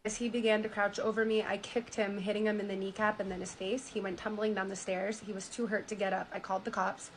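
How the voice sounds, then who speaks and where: A woman streamer reacting live, reading a story aloud with stunned, animated asides. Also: medium pitch, quick pace, few pauses, a little hiss or hum, rough recording.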